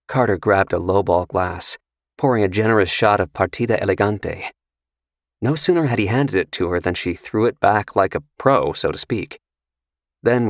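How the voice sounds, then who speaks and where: A man narrating a crime thriller audiobook in a measured, wry way. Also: sits low, no echo, studio quality.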